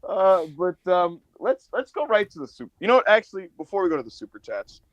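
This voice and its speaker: A man hosting a casual podcast chat, swearing freely and breaking into loud mocking impressions. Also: sits high, sing-song, fast, dull audio, slight background noise. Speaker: podcast host.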